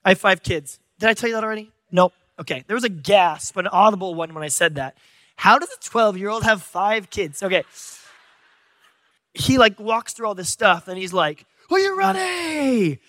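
A man's voice: sits high, normal speed, sharp tone, no echo. A man from San Diego preaching a sermon in a church, telling stories with joking, self-deprecating humor. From San Diego, USA. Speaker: pastor. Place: church stage.

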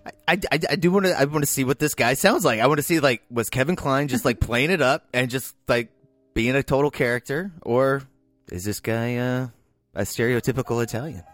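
A man's voice: mid-range voice, brisk, fairly bright tone, dry recording, faint music behind. A man co-hosting a casual movie-review podcast, rambling and restarting, with casual swearing. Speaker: podcast co-host.

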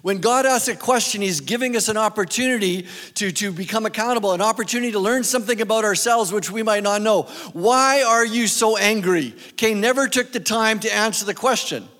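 A man with a fairly high voice preaches a sermon as a guest speaker. He talks conversationally, often turning to ask his listeners questions. The sound carries the long reverb of a church hall. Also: quick pace, hardly any pauses, a bit bright. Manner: conversational, asks the audience questions.

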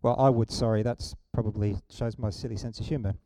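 A middle-aged man preaching a sermon, telling a story in an animated, humorous way. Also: fairly low pitch, a little fast, no echo.

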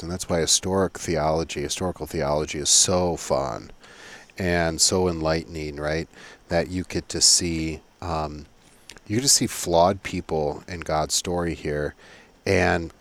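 A man co-hosting a casual podcast as a theology professor, talking in a relaxed, agreeable way. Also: extremely low pitch, normal speed. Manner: relaxed, agreeable, chuckles easily.

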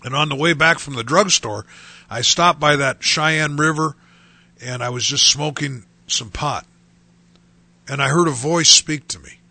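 A man in his sixties, a pastor telling his personal testimony in a halting way, often repeating words and restarting. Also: on the high side, vocal fry, bright, forceful tone, dry recording.

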